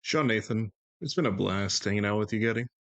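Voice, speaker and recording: A man's voice: lowish voice, fairly quick, dry recording. A man hosting a live stream, chatting casually and playfully bantering with his chat and thanking viewers. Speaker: streamer host.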